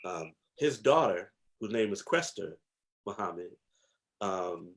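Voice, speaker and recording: A man's voice: low-pitched, lively intonation, slow, fairly bright tone. A man from New Jersey, a guest historian, telling stories from his past in a reflective, emphatic way with many fillers. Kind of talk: casual interview storytelling.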